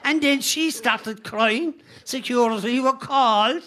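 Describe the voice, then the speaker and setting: A man's voice: extremely high pitch, a little slow, bright, forceful tone, full character voice. A man playing a cantankerous, self-pitying Irish character with an Irish accent, telling an aggrieved, rambling story in a radio comedy sketch. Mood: indignant. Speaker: comic character.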